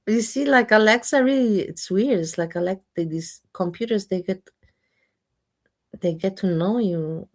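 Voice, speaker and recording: A woman's voice: mid-range voice, normal speed. A woman co-hosting a livestream in casual chat, reacting with laughter and agreement.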